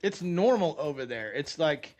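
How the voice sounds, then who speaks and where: A man from the United States with a slightly high, somewhat mellow voice talks at a moderate pace with lively intonation. As he streams a game, he spins a rambling story and swears freely.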